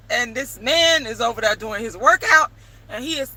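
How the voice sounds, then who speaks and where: A woman telling a story to camera in a casual vlog, animated and emphatic, swearing freely. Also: a little high, normal speed, low-quality recording. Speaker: vlogger and playwright.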